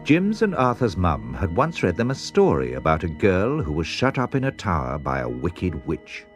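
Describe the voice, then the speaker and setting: Low-voiced man reading a storybook. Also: huge pitch swings, normal speed, soft background music. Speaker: audiobook narrator. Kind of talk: storybook narration.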